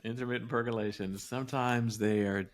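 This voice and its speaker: A man's voice: medium pitch, steady tone, brisk. A man co-hosting a podcast in casual chat, reflective and wry, often restarting his sentences as he thinks aloud. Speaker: podcast co-host.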